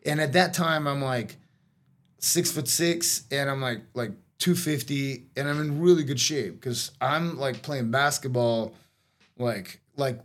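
A man's voice: mid-range voice, measured pace. Rambling middle-aged man, coughing at times. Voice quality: coughing now and then. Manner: rambling, lots of "like" and "you know", restarts. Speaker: guest telling a story. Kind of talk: casual storytelling chat.

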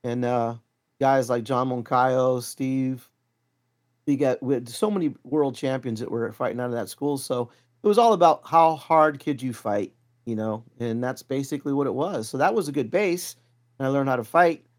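Animated man telling a story. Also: mid-range voice, moderate pace. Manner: animated, acts out quoted voices. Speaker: martial arts instructor, guest. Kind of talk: casual storytelling.

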